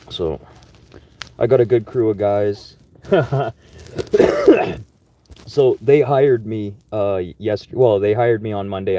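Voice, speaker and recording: A man's voice: lowish voice, slight background noise. A young man from Manitoba, Canada, rambling in a laid-back, profane, chatty way about his construction job. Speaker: construction worker vlogging. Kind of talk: casual rambling monologue. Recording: dull lo-fi sound.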